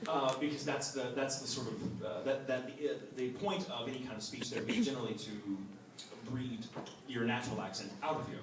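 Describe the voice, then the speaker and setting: A Texan voice actor with a mid-range voice and a neutral American accent plays around with fans during a convention Q&A panel, joking and calling on people in a lively back-and-forth. The clip was captured on a handheld phone out in the audience, so the large hall sounds echoey, the mic is distant, and the crowd is noisy.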